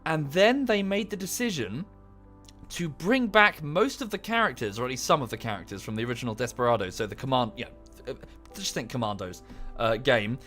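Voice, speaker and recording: Thirties male streamer, mid-pitched, rambling and ranting into a close mic. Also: animated, a little fast, fairly bright tone, soft background music. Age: 30s. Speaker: game streamer. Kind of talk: casual live-stream chat. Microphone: close to the microphone.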